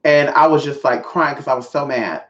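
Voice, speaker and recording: A young woman vlogger telling a profane, animated storytime monologue straight to her viewers. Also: rumbling low, moderate pace. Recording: roomy, slightly dull audio.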